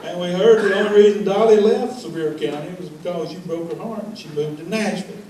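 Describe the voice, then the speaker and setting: A man's voice: sits high, a little fast, noisy background. An older man telling folksy, wry roast stories about his old coach, laughing through the punchlines. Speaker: roast speaker, former player. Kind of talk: comedic roast storytelling. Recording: echoey hall, mic at a distance.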